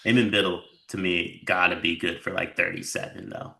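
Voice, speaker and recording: A man with a very low pitch and a very bright, edgy tone, co-hosting a casual sports podcast. He rambles loosely, circling back and piling up filler words as he thinks out loud. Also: flat delivery, moderate pace, vocal fry. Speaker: podcast co-host.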